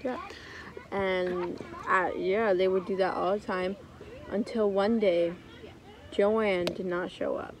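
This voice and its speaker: A young woman improvising a story at home, unhurried, with playful asides. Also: mid-range voice, fairly even intonation, low-quality recording. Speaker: co-host telling a story.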